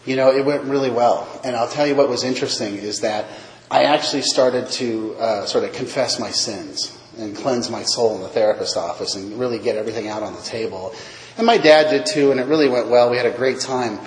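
A man's voice: mid-range voice, fairly quick, slight background noise. A man telling his recovery story at a meeting, self-mocking, acting out the other voices in his tale. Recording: echoey hall.

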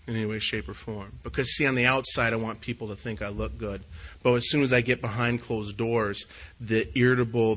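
A middle-aged man tells his recovery story to a meeting, his voice bright and forceful. He speaks in an earnest, confessional way, dropping to a hush and then rising loud again. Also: on the low side, low-quality recording. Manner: earnest, confessional, swings between hushed and loud. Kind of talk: personal testimony at a recovery meeting.

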